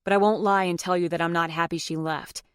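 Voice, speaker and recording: A persistent, wry male lawyer, read by a woman in her own mid-range voice, calm and earnest with a teasing streak. The audiobook read is close and completely dry. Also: on the low side, fast, clean tone, dry recording, natural voice.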